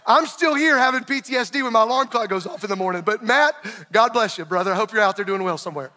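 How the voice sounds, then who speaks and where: Middle-aged pastor, lively sermon storyteller with a high voice; echoing auditorium. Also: male voice, fast talker. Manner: animated storyteller, acting out shouted quotes. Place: large church auditorium. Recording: long hall reverb.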